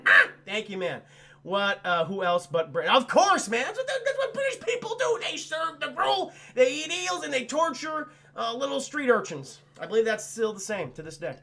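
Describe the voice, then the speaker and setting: A man's voice: very high-pitched, big pitch swings, moderate pace, gravelly, pushed and bright. A man streaming a crude, rambling film recap for his chat, full of swearing and mocking impressions.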